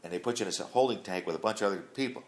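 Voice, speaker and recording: A middle-aged man with a deep, low voice tells a long story from his past. He talks plainly and rambles, filling gaps with "uh" as he goes. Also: racing. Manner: rambling, plain-spoken, many fillers. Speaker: father telling his life story. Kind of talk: casual storytelling.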